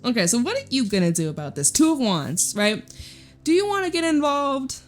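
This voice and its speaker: A woman's voice: high voice, sing-song, brisk, soft background music. A young woman giving a casual tarot reading, chatty and blunt, swearing freely and laughing often. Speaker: tarot reader.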